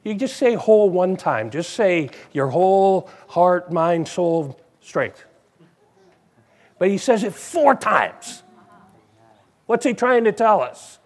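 Male preacher, high and unhurried, chatty sermon delivery, asks the listeners questions. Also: big pitch swings. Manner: conversational, repeats phrases, asks the congregation questions.

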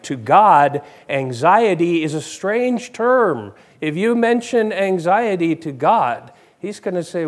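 A man's voice: high voice, sing-song, a little slow. A man preaching a conversational sermon, asking his congregation questions.

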